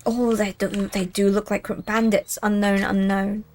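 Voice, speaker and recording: A woman's voice: medium pitch, level tone, moderate pace, a little mellow, soft background music. A young woman streaming a game, chatting as she plays and reading the game text aloud. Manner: chatty, easily distracted, reads game text.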